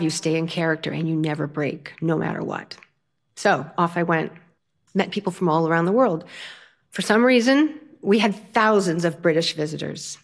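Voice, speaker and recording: Lively older woman telling a story. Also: fairly low pitch. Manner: lively, self-mocking, humorous. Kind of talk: personal story told to an audience.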